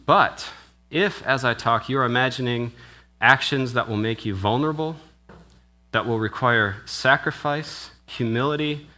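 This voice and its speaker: Forceful conversational minister, a man. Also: medium pitch. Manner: asks the congregation questions, with frequent "right?" tags; conversational, with restarts and brief laughs. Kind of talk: interactive sermon. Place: church.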